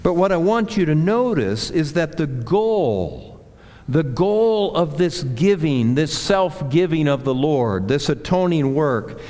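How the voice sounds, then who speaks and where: A man preaching a sermon as a pastor, slow and deliberate, building emphasis through repeated phrases. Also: fairly high pitch, darkish tone. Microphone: handheld or clip mic that slipped. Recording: long hall reverb.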